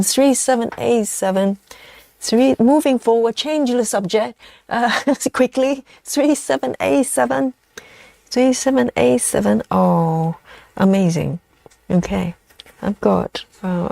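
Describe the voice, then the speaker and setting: A woman's voice: mid-range voice, a little slow, creaky, dark tone, dry recording. A woman hosting a casual live stream, chatting and reading viewer comments aloud as she goes.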